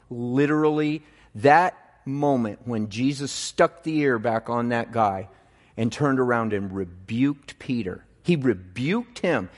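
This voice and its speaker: Animated male preacher in a reverberant hall. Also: mid-range voice. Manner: animated storytelling with conversational asides to the congregation. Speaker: pastor. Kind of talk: sermon. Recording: long reverb in a large hall.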